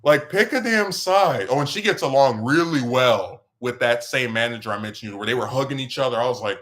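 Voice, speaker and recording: Man, podcast host, casual chat, rambling and animated, mid-pitched voice. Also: a little fast. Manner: rambling, animated, voice jumps up when excited.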